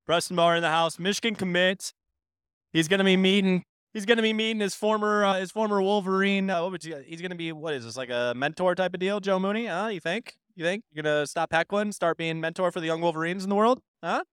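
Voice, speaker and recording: A man's voice: sits high, quick pace, fairly bright tone, smooth, no room sound, studio quality. A man hosting a player draft show, upbeat and joking with co-hosts. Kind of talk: casual show banter.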